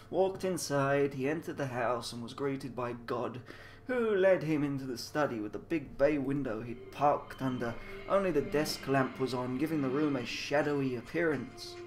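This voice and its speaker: A man's voice: medium pitch, normal speed, soft background music. A man reading a mystery game aloud with crude, confused, mocking asides. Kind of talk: casual game commentary.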